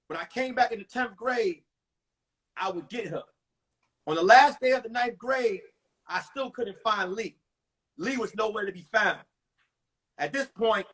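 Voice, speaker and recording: A man in his forties, a comedian telling crude, animated stories about his school days on a phone livestream. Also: sits high, husky. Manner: animated, profane storytelling with acted-out voices. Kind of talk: stand-up storytelling on a livestream.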